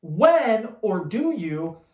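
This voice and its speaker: Man, dog trainer, live viewer Q&A, blunt, slangy, energetic, echoey room. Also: sits high, extremely slow, dull audio. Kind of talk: live Q&A answering viewer questions.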